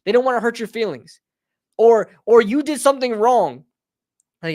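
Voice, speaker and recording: A man's voice: high voice, animated, moderate pace, a little mellow, no room sound, clean studio sound. A man hosting a live sports talk stream, ranting heatedly and often calling listeners bro and brother. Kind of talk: live fan rant.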